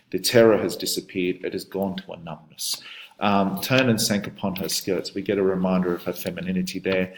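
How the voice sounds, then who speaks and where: A man teaching a poem in a lecture, talking through it with many fillers and restarts. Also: sits low. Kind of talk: poetry lecture with read-aloud passages.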